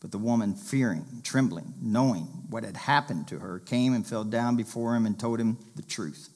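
A man's voice: fairly low pitch, moderate pace, a little mellow. A male pastor preaching a sermon, reading scripture aloud and urging listeners to pay attention.

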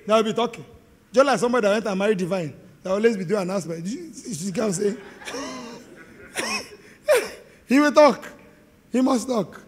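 A middle-aged man with a Nigerian accent, preaching an animated, joking sermon to a live congregation. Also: extremely high pitch, moderate pace, long pauses, breathy edge. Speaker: pastor. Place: large hall with live congregation. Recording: long hall reverb.

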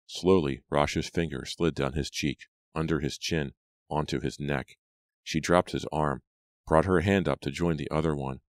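Deep-voiced male narrator for a teen horror audiobook; dramatic, measured, dry close sound. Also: steady tone, dry recording.

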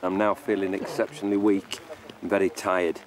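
A man on an expedition speaking on camera, weary and halting. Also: sits low, little pitch movement. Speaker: expedition participant. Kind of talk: reality confessional.

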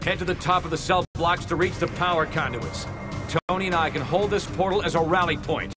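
A man's voice: a little high, fairly quick, lightly acted. A man voicing a commanding game hero. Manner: commanding, practical. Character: steady male superhero giving orders. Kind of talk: video game voice acting. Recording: game audio with music.

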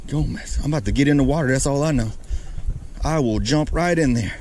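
A man's voice: mid-range voice, brisk, darkish tone, slight background noise. A man vlogging from a riverbank while fishing, breathless and exclaiming over and over. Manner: breathless, keeps exclaiming and repeating himself. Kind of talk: excited outdoor fishing narration. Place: riverbank outdoors.

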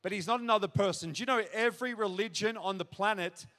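High-voiced man preaching in a hall. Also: quick pace, pushed and bright. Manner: earnest, direct address to audience, builds to emphatic questions. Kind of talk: sermon. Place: church auditorium. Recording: reverberant church hall.

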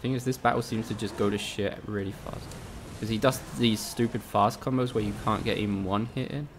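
A man's voice: lowish voice, fairly even intonation, brisk, over music. A man casually commentating a live game stream, chatting with viewers, swearing often and joking sarcastically. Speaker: gaming streamer.

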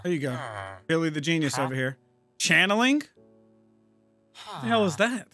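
A man's voice: on the high side, sing-song, moderate pace, bright, forceful tone, faint music behind. A man giving casual, profane, exasperated commentary while playing a game and talking to himself. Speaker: gaming channel host.

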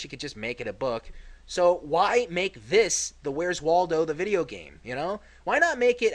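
A man's voice: on the high side, a bit bright. A man commentating his gameplay casually, sarcastic and grumbling, swearing freely.

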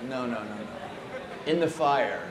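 A man performs an elderly Indian guru with a Bengali accent, patient at heart but exacting. He gives clipped, insistent commands in a slightly high voice. The room echoes and a faint hiss sits underneath. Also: animated, slow, crowd noise. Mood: correcting.

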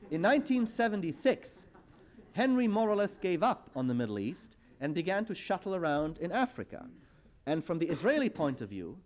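A man's voice: a little high, a little mellow. A middle-aged man giving a university lecture with a wry, anecdotal manner and storytelling asides.

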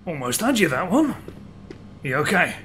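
An actor with an English accent voicing a brooding village man who is shunned as a madman, speaking in a gruff, grim storytelling voice in a video game. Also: on the high side, big pitch swings, moderate pace. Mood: concerned. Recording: game audio over loud eerie music.

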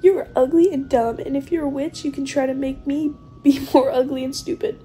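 A woman's voice: sits high, steady tone, moderate pace, dark tone, a little hiss or hum, close to an everyday voice. A woman reading as a rude drunk ogre. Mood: insulting. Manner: rude, insulting, self-pitying. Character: crude boastful male ogre, drunk and insulting. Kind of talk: reading a chatbot role-play aloud.

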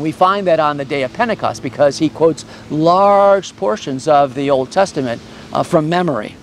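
A man's voice: high voice, slight background noise. A man teaching a Bible study in an earnest, conversational way, reading scripture and explaining it.

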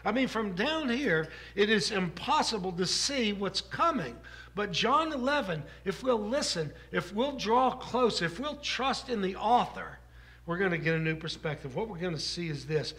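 A man's voice: high-pitched, expressive, moderate pace, bright, forceful tone. A man preaching a sermon from the pulpit in a conversational way, repeating phrases for emphasis. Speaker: pastor. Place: church sanctuary.

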